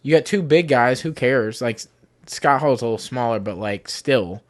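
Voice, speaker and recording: A man's voice: medium pitch, normal speed. A man hosting a podcast in casual chat, profane and opinionated. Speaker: podcast host.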